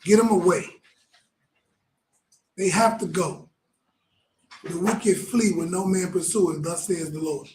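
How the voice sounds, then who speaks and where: Male preacher, high voice, fervent and blunt, echoey room, faint noise behind. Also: fairly even intonation, measured pace, long pauses, darkish tone. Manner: fervent, blunt, repetitive exhortation. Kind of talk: sermon.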